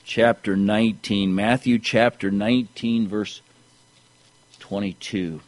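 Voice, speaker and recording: A man's voice: steady tone, slow, poor audio. A man preaching a sermon, reading scripture aloud and often repeating words as he restarts his thoughts. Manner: pitch jumps higher when pressing a point.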